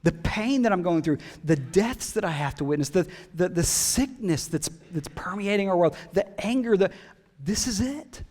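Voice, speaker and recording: A middle-aged male pastor preaching a sermon, chatting with his congregation and swinging from loud emphatic build-ups to hushed whispers. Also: sits high, expressive, normal speed. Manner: conversational, jokes with the congregation. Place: church hall. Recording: long hall reverb in a church.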